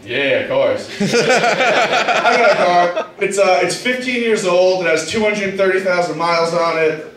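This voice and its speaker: A man's voice: sits high, expressive, unhurried, a bit bright. A young man doing a stand-up comedy set with loose, profane, self-mocking storytelling in a small club. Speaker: stand-up comic. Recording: echoey room, taken from far off. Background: audience laughing.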